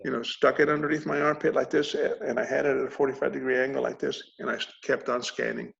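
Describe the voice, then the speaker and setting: A man telling a personal story in a halting way, repeating words and chuckling through grim details. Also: mid-range voice, flat delivery, gravelly. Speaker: interviewee recounting a combat injury. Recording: dull lo-fi recording.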